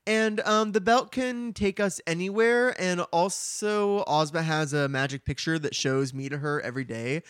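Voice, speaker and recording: An eager, cheerful young girl explains things with a bright, bouncy lilt, put on by a man. The voice sits a little high and the sound is close and dry. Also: moderate pace, hardly any pauses, clean tone, no echo, lightly acted. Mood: explaining brightly.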